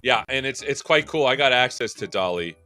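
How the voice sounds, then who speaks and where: A man's voice: mid-range voice, expressive, fairly quick, bright, forceful tone, soft background music. A man hosting a livestream tech show, chatting casually and joking at his own expense. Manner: joking, self-deprecating. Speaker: show host.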